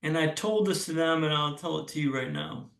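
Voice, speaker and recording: Young man, keynote speaker, high gravelly voice, echoey hall, heard from a distance. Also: huge pitch swings, brisk, a bit bright. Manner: earnest storytelling with frequent restarts. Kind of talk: motivational keynote talk. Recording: roomy sound from a distance.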